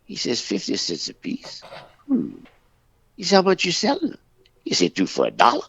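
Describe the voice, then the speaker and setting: A man co-hosting a talk radio show, telling jokes in a folksy, drawn-out way and voicing the characters' dialogue. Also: fairly high pitch, huge pitch swings, gravelly, a bit bright, a little hiss or hum. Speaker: radio co-host. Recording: dull, lo-fi dry radio recording.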